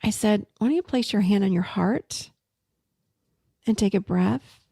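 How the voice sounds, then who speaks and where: A middle-aged woman therapist telling a client story in a casual teaching talk, animated and emphatic. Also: medium pitch, unhurried, gravelly, breathy edge, no echo, clean studio sound. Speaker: therapist and podcast host.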